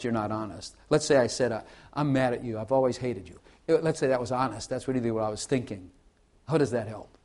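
A man delivering a sermon in a mid-range voice, earnest and conversational. He talks straight to his listeners with rhetorical questions. He often restarts or repeats phrases, and his volume rises and drops a lot. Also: medium pitch. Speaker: preacher.

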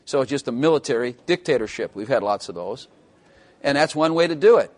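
A man's voice: medium pitch, animated, darkish tone. A man preaching a sermon as pastor, mixing scripture with wry, teasing asides. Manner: wry, joking asides with quick bursts and drawn-out emphasis.

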